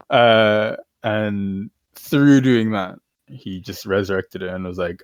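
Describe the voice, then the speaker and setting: A man's voice: on the low side, takes it slowly, no echo. A man casually retelling stories on a podcast, irreverent and slangy, laughing as he goes. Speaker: podcast co-host. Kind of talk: casual chat.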